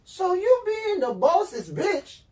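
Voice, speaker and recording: A man co-hosting a podcast in casual chat, telling an animated story that swings between loud and hushed. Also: very high voice, takes it slowly, far from the mic, rough recording. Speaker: podcast co-host.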